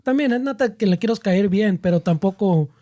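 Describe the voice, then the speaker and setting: A man's voice: sits high, lively intonation, fast, mellow. A laid-back man in casual podcast chat, swearing and switching into Spanish. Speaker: podcast co-host.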